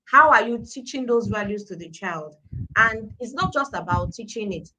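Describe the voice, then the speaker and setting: A woman's voice: fairly high pitch, lively intonation, normal speed, background noise. A middle-aged woman with a Nigerian accent, speaking as a guest on a live-stream talk show about parenting, stressing her points with repetition. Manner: emphatic, repeating points for stress.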